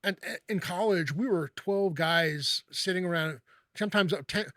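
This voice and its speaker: A man with a slightly raised voice leads a casual chat. He talks in halting bursts, repeating words and restarting sentences. The sound is dry, with no room echo. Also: high-pitched, a bit bright. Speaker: host.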